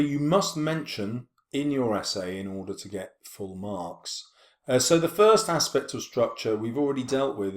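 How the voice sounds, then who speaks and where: A man teaching a poetry lesson, explaining steadily with frequent ums and slowly stretching out quoted words. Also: on the low side, echoey room. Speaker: English teacher.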